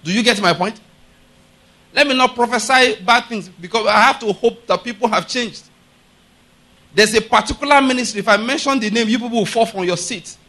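Very high-pitched and fairly quick, a male pastor's voice carries an emphatic sermon. He repeatedly asks the congregation whether they follow him before building into loud, forceful declarations.

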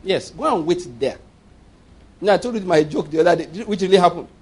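A Nigerian-accented man preaching with a high, husky voice that swings widely in pitch. He mixes playful storytelling with firm, preacherly declarations. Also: expressive, fast. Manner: humorous, storytelling, laughs often. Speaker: pastor. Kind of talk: sermon.

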